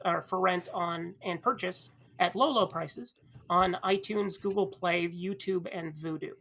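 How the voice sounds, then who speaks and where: A man's voice: high-pitched, gravelly, sharp tone. A man chatting on a podcast panel, talking about movies in a rambling, enthusiastic way. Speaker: podcast panelist arguing as prosecutor. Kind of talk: casual podcast chat.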